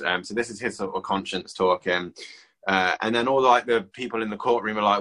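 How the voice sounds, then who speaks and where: Low-voiced man recapping a comic. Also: a little fast, low-quality recording. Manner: relaxed, summarizing with filler ums. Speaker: comic book reviewer. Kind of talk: casual podcast chat.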